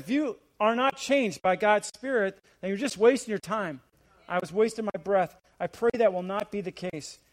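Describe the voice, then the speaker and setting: High-voiced preacher swinging loud to hushed. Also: male voice. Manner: swings between rising, emphatic preaching and hushed, low asides. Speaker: visiting senior pastor. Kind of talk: sermon.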